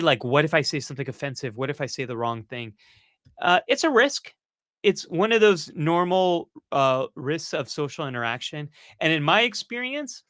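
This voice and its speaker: Bright-voiced man answering viewer questions. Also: on the high side, no room sound, clean studio sound. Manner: earnest, encouraging, with self-mocking asides. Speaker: psychologist hosting a live-stream Q&A.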